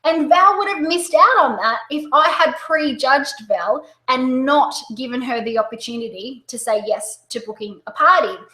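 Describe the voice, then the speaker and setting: An Australian woman presenting a sales-coaching webinar, upbeat and excitable, talking fast. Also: sits high, echoey room, a little hiss or hum, rough recording.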